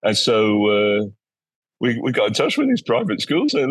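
A man tells stories as a guest in a relaxed interview. His voice is low and a bit husky. He acts out the people he quotes, and the recording is dry with little room sound. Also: normal speed, dry recording. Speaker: educator guest. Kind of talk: casual interview storytelling.

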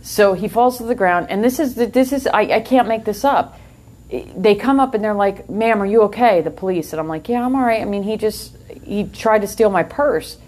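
An older woman, co-hosting a podcast and telling a long story in a lively, animated way, often laughing. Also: mid-range voice, moderate pace. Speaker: podcast co-host. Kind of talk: casual storytelling chat.

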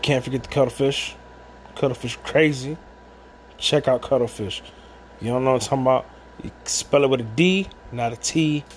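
At home and drinking, a man rambles through a casual monologue full of restarts and side remarks. His voice is mid-pitched at an ordinary pace, with a bit of hiss or hum on the recording.

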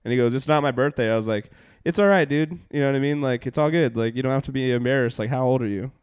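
Young male comic, casual storyteller, smooth clear voice, dry close sound, loose rambling delivery. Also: mid-range voice, fairly even intonation, very fast, a little mellow, no echo. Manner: rambling, laughing, full of fillers and swearing. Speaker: comedian and podcast host.

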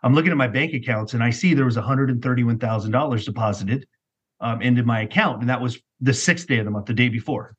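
A middle-aged man telling his personal story as a podcast guest, animated and rambling, peppered with "like". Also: medium pitch, fast, breathy edge. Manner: animated, rambling, heavy use of "like". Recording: muffled lo-fi recording.

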